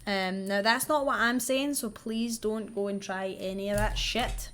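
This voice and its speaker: A woman's voice: medium pitch, steady tone, measured pace, hardly any pauses, a bit bright. Woman vlogger, casual and sweary storyteller with wry asides. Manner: doing her makeup while she talks. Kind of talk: casual true-crime storytelling.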